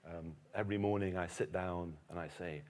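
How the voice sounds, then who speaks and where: An English man with a low voice giving a lively, humorous lecture as keynote speaker at a conference. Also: fairly quick. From England. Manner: lively storyteller, dry self-mocking humor. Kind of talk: lecture to a live audience. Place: conference hall.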